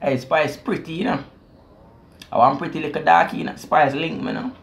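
A man with a Jamaican accent hosting a reaction video, explaining song lyrics in casual, animated patois and chuckling often. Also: fairly high pitch, fairly quick, gravelly, soft background music. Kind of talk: casual commentary.

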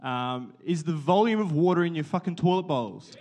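An Australian man, an audience member brought onstage at a live podcast, chatting in a relaxed, joking way. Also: fairly high pitch, normal speed.

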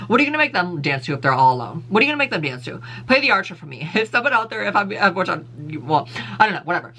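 Rapid-fire sassy ranting man. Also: high voice, very animated, bright, forceful tone. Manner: sassy, profane, blunt ranting. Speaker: vlogger. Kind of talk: casual opinion rant.

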